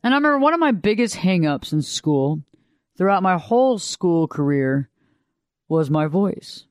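A woman with a lower voice than she'd like, giving an unhurried, reflective motivational talk that repeats phrases and asks the listener questions. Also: sing-song, dry recording, clean studio sound. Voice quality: lower voice than she wished for. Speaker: motivational speaker.

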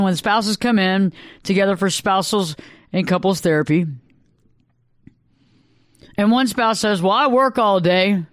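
A woman, a couples therapist, talking casually and acting out quoted arguments in sudden high bursts. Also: clean tone, no echo, studio quality. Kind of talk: casual solo monologue.

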